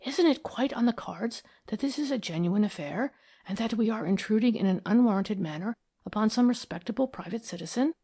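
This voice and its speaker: A woman voicing an excitable gentleman investigator who speaks with raised, emphatic energy in an audiobook. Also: high voice, fairly quick, husky. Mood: whispering. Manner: excited, rising, emphatic; whispers when wary. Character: eager young gentleman sleuth, excitable.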